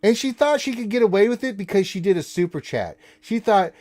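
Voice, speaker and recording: A man's voice: high voice, sing-song, brisk, few pauses, darkish tone. A man hosting a casual live stream, answering chat questions and teasing viewers and his co-host with mock indignation.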